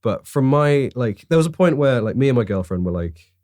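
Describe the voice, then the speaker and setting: A young man, telling a story in a casual podcast chat, excitable and swearing freely. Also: medium pitch, a little fast, no room sound. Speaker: podcast co-host.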